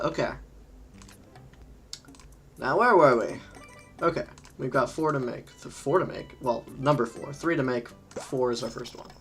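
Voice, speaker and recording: A livestream host chatting casually while playing a game, rambling between topics and laughing often. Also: medium pitch. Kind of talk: casual gaming livestream chat.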